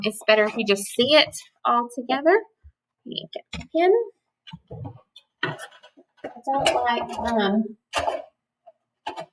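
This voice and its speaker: A woman teacher giving a gentle, patient letter lesson to young children and reading a picture book aloud. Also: a little high, a little hiss or hum, low-quality recording. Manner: gentle and patient, with slow drawn-out sounds.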